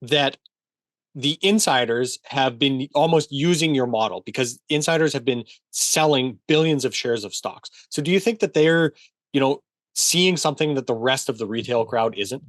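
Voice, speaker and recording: Dude hosting a finance interview, dry close sound, keeps it short. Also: male voice, mid-range voice, normal speed, no room sound. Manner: brief assenting backchannels. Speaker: host. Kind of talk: interview questions.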